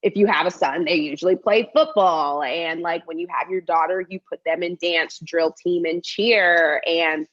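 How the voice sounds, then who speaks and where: A woman's voice: on the low side, moderate pace, hardly any pauses, muffled recording. A woman in her twenties with a Texan accent, a cheerleading coach chatting as a podcast guest and quoting herself as she tells stories. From Texas. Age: 20s. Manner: chatty, animated storyteller, quotes herself often. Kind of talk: casual podcast interview.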